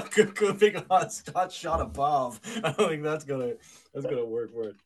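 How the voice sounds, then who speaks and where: Jokey high-voiced man bantering on a podcast. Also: lively intonation, normal speed. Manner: jokey, puts on silly voices and accents, laughs a lot. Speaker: podcast co-host. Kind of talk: casual banter.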